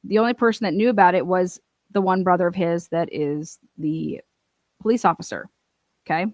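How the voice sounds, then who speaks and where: A woman's voice: fairly low pitch, fairly even intonation, moderate pace, darkish tone, dry recording. Indignant woman in casual commentary. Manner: emphatic, indignant, with frequent fillers and asides. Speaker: true-crime advocate host.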